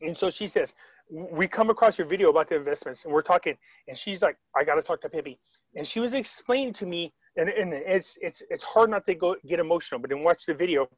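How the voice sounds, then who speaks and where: A man with a somewhat high voice talks over a video call, rambling through a story and acting out what others said. The sound is dull and lo-fi. The room is dry. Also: quick pace, dry recording. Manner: rambling, retells quotes, frequent restarts. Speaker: interviewee.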